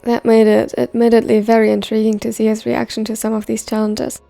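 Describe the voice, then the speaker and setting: A woman narrating a fan fiction story in a steady reading voice. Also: on the high side, brisk, gravelly, soft background music.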